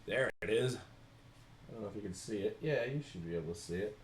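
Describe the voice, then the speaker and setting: A man's voice: lowish voice, a little fast, noisy background. A man with a New Jersey accent, chatting casually on a live stream while he animates, thinking aloud and answering viewers.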